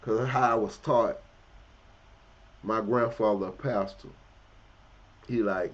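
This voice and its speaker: A man telling a blunt, profane personal story in casual street slang, swinging between loud, heated outbursts and low, quiet asides. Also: slow, long pauses. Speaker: commentary vlogger. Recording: dull, lo-fi audio.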